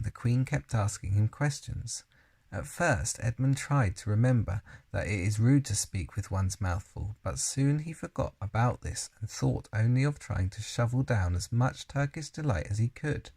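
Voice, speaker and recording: A man reads a children's novel aloud in a plain, unpolished way, occasionally slipping and correcting himself. His medium-pitched voice has vocal fry, a darkish tone and a slightly rough edge.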